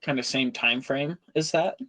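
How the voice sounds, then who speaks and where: A man's voice: medium pitch, normal speed, sharp tone, a little hiss or hum. A man hosting an interview, asking brief questions that prompt his guest. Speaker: interviewer, host.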